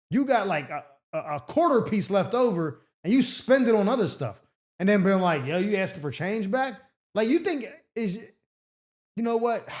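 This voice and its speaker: A man hosting an advice show answers listener letters in a blunt, sarcastic rant. His talk is casual and full of slang and profanity. His voice sits high for a man. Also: darkish tone.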